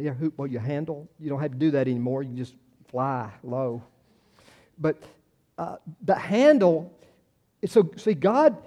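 A man in his sixties, a pastor, preaches with a fairly high-pitched, mellow voice. His sermon is casual and folksy, leaning on personal stories and repetition.

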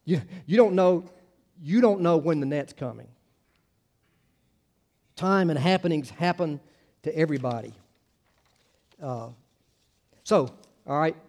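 A pastor with a slightly high, somewhat mellow voice preaches a conversational sermon, informal and chatty, tossing wry asides to the congregation. His speech is full of fillers and restarts.

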